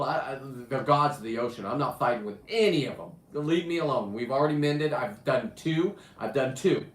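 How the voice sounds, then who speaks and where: A man's voice: medium pitch, echoey room. A man hosting a show, telling brash, profane diving stories in a boastful, swinging voice. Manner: brash, profane and boastful, swinging between loud bursts and mutters. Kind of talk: profane casual storytelling.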